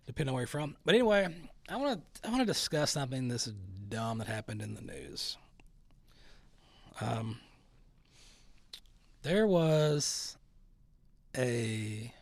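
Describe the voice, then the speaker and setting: Sarcasm drives this casual opinion monologue from a middle-aged talk show host whose voice is fairly high-pitched and free of echo. As he rants, he ridicules the people he describes by imitating them.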